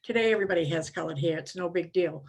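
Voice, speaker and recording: A woman's voice: on the low side, fast, gravelly, husky. Older woman telling her recovery story. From Maine. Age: 70s. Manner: rambling storytelling, frequent "you know", self-mocking. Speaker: speaker at a recovery conference. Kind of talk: personal recovery story talk.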